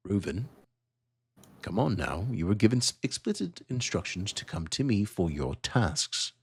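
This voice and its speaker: A man's voice: on the low side, big pitch swings, normal speed, creaky, husky, voice pushed up, exaggerated voice. A man playing a curt, bossy overseer. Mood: commanding. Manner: curt commanding instructions. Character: brisk bossy male overseer handing out tasks.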